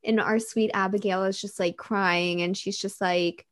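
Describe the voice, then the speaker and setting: A woman co-hosting a podcast, chatting animatedly about a reality show, quick to laugh. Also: mid-range voice, fairly even intonation. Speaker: podcast co-host. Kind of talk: casual chat recapping a reality show.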